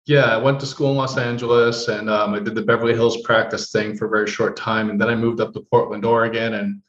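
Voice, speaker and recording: A male guest tells his story in an animated way, switching into the voices of the people he quotes. The room rings around him. The sound is dull and lo-fi. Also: fairly low pitch, quick pace, reverberant. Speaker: guest, holistic practitioner. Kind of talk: casual storytelling.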